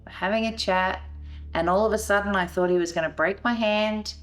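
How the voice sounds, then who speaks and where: Woman recounting a painful memory, soft music. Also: medium pitch, fairly even intonation, brisk. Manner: emotional, re-enacting scenes with rising voice. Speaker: veteran's wife telling her story. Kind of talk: documentary interview.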